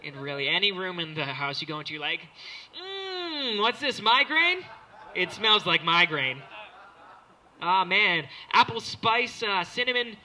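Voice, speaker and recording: Young guy doing standup, bright lively voice, jumps around in pitch, bit of room noise. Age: young adult. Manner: rambling, self-mocking, jumps into silly character voices. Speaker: stand-up comedian. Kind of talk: stand-up comedy set. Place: small comedy show before a live crowd.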